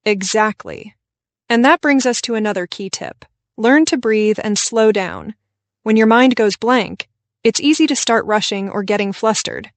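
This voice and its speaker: Clear, instructive woman co-hosting a podcast. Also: a little high, a little slow, dry recording. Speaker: podcast co-host. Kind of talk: scripted English-learning podcast dialogue.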